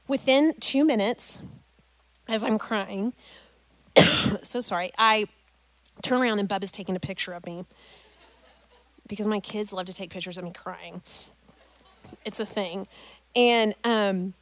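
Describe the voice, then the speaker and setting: Speaking to a group of parents, a middle-aged woman shares an emotional personal story and links it to scripture, calling her listeners "guys." Her medium-pitched voice is unhurried and often pauses, with no room sound. She tells the story with animation and feeling.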